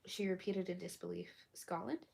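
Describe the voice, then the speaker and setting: A woman reading a story aloud while sick and hoarse, coughing between lines and often dropping to a whisper. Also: mid-range voice, steady tone, a little mellow. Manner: slow, halting, often drops to a whisper. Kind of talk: casual live read-aloud with asides.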